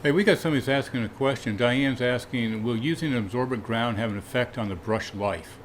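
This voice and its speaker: A man's voice: medium pitch, a little fast, slight background noise. A man co-hosting a live painting stream, joking with the teacher and reading out viewer questions. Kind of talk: casual live-stream banter.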